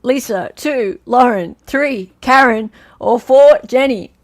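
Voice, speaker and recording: A woman's voice: a little high, slow pace. An Australian woman hosting a casual livestream, chatting, laughing and reading out quiz questions and viewers' names. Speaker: livestream host.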